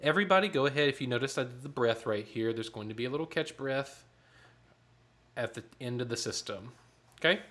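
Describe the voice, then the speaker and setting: A man's voice: medium pitch, brisk, a bit bright. A man leading an online choir rehearsal, explaining the tenor parts and counting off rhythms, with a piano nearby. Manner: instructive, counts and sings parts aloud. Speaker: choir director.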